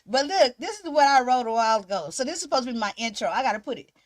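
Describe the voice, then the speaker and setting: A woman hosting a casual livestream, chatting with viewers in a giggly, animated way. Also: a little high, rapid-fire, dry recording. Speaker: livestream host. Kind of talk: casual live-stream chat.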